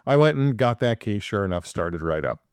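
A man's voice: on the low side, big pitch swings, a little fast, smooth, no echo, studio quality. A man in casual chat, telling a long story with many fillers and restarts.

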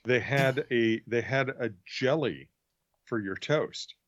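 A man's voice: medium pitch, takes it slowly, dry recording. A man in casual conversation who chimes in with dry jokes. His voice sits in a middle range, and the recording is dry and slightly dull. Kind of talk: casual chat.

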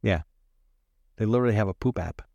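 Male co-host, lowish voice, dry wit, close dry sound. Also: fairly quick, creaky, darkish tone, dry recording, lo-fi sound. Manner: dry wisecracking. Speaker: podcast co-host. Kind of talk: casual chat.

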